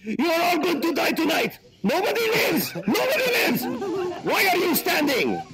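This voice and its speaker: Man doing a menacing hijacker voice, high-pitched and yelled. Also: huge pitch swings, moderate pace, gravelly, full character voice, rough recording. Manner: yelling threats, high and strained. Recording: loud crowd chatter behind.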